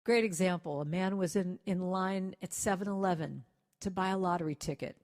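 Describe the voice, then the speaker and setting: A woman giving an inspirational talk to a congregation, gentle and conversational, who breaks into lively acted-out quotes. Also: on the low side, a little fast. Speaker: guest speaker and singer.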